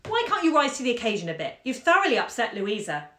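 A woman's voice: fairly high pitch, big pitch swings, normal speed, fairly bright tone. A woman voicing an impatient middle-aged husband who scolds with a raised voice, in an echoey room. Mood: scolding.

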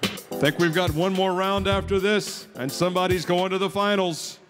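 A man with a high voice runs a live eating contest as emcee. He cracks easy jokes with the contestants and keeps the crowd cheering. Faint music sits behind him. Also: moderate pace. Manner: joking, upbeat, hyping the crowd. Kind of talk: live event announcing on a PA.

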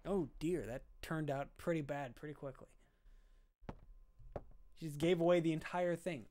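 A man's voice: on the high side, moderate pace, long pauses, dark tone, a little hiss or hum. A man streaming a video game, making casual, joking and self-mocking remarks as he plays.

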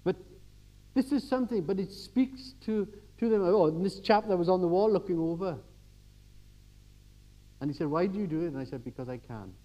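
An older man giving a church sermon, telling everyday stories and swinging from quiet asides to emphatic exhortation. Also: sits high, expressive, brisk, long pauses, rough recording. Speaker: preacher.

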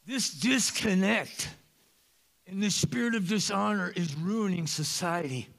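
A slightly slow sermon comes from a pastor whose man's voice is high and gravelly, set in a church sanctuary during what seems to be a service. Animated and joking, he jumps into loud, emphatic outbursts.

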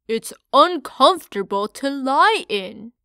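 A woman's voice: high-pitched, lively intonation, slow pace, pushed and bright, no echo, clean studio sound, heavily acted. Woman doing Parley, an eager little boy piglet. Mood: eager whiny. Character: young boy pig, mud-loving and carefree. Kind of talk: audiobook character voice.

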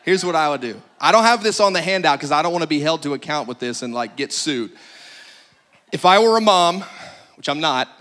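A man's voice: fairly high pitch, animated, a little fast, bright, forceful tone. A man pastor giving humorous practical announcements to a congregation, joking and exaggerating for laughs.

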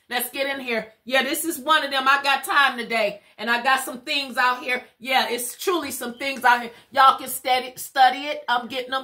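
Bright high-pitched woman in spiritual talk. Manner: rhythmic call-and-response preaching cadence; casual and chatty. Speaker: spiritual reader. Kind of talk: live spiritual tarot reading.

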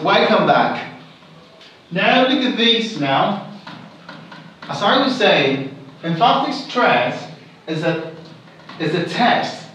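A man's voice: on the high side, a bit bright. A man teaching an exam-prep English lesson, repeating example sentences and checking that students follow. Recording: very echoey room, mic far off.

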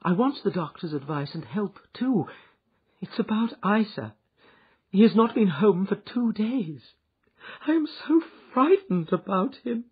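A woman's voice: lively intonation, unhurried, slightly rough. A man voicing a distraught, frightened young woman who pleads for help, in a dull lo-fi recording. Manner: pleading, high and breathless.

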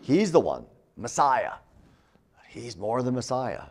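A man's voice: mid-range voice, takes it slowly. A middle-aged man giving a classroom theology lecture, teaching with emphasis and often checking in with "right?". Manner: animated teaching with frequent "right?" tags.

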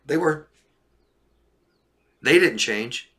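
A man's voice: on the low side, normal speed, creaky, bright, forceful tone. A man coaching on relationships during a live stream, reading viewer questions and answering bluntly, often checking in with "right?" and "okay?".

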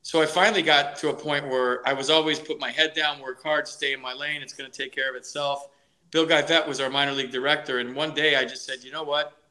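Bright-voiced middle-aged man telling stories. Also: fairly high pitch, brisk. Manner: energetic, animated storytelling with repeated restarts. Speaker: guest, former ballplayer and broadcaster. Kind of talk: storytelling in a podcast interview.

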